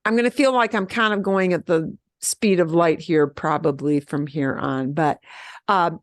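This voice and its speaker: A woman's voice: fairly low pitch, dry recording, clean studio sound. Upbeat woman teaching beginner Spanish. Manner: upbeat, encouraging, models phrases slowly for repetition. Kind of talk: online beginner language class.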